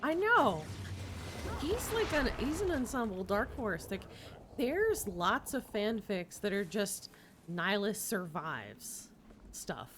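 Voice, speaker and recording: A woman's voice: mid-range voice, sing-song, takes it slowly. Woman streamer, casual chat, playful and giggly, faint hiss behind. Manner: playful, giggly, sings silly tunes.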